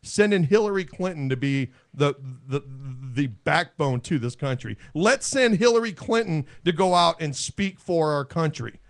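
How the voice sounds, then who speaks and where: Brash male talk host, higher voice, very animated delivery. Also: normal speed, few pauses. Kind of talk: casual political banter.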